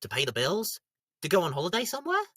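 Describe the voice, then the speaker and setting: A man with a high voice hosting a jokey homemade TV comedy review show, breaking into silly shouted voices. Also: wildly swooping pitch, fast talker, no echo, clean studio sound.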